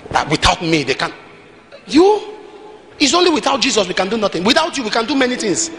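A man with a Nigerian accent preaching a sermon, telling stories animatedly with bursts of shouting. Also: sits high, very animated, brisk, music in the background. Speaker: apostle, preacher.

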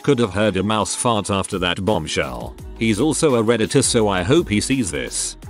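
Male narrator, low voice with lively inflection, scripted story reading, faint music bed. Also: moderate pace. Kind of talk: scripted narration of online stories.

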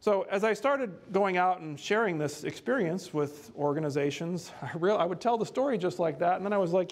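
High-voiced man telling a story. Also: fairly quick, few pauses. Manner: lively, conversational storyteller. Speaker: home care trainer and speaker. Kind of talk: storytelling presentation.

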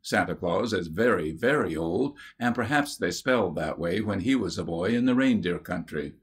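A man's voice: low-pitched, animated, moderate pace. A man voicing a sensible, motherly eldest girl who speaks firmly. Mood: admonishing. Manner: firm, admonishing.

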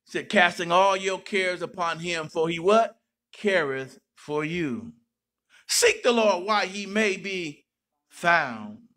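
A man pastor preaching a sermon, breaking into sudden shouts and playful asides. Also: high voice, a little slow.

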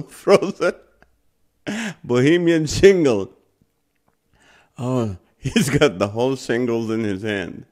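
A man hosting a live stream reads viewers' puns aloud at a slow pace. He keeps breaking into helpless laughter and sounds close to tears. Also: mid-range voice, animated, darkish tone. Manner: laughing helplessly between punny lines. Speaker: host. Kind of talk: live-stream chat reading comments.

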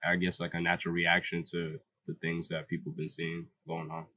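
A man speaking in a measured, thoughtful way in a documentary interview. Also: sits low, very animated, gravelly, bright, forceful tone, dry recording. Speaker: student interviewee.

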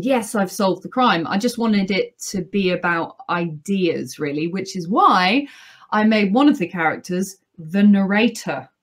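A woman, an author and audiobook narrator, chatting as a podcast guest in a lively, playful way, laughing often. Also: fairly low pitch. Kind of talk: casual podcast interview.

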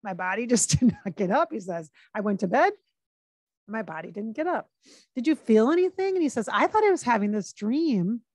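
A woman working as a psychic medium, talking casually and relaying quotes in her own plain voice with frequent pauses and restarts. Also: a little high, lively intonation, a little mellow, dry recording. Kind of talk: casual channeling session monologue.

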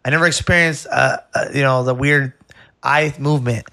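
A man's voice: mid-range voice, normal speed, vocal fry, dry recording, studio quality. A man who works as a barber, telling a rambling story in casual chat and calling the listener "bro". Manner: animated, rambling, says "bro" a lot.

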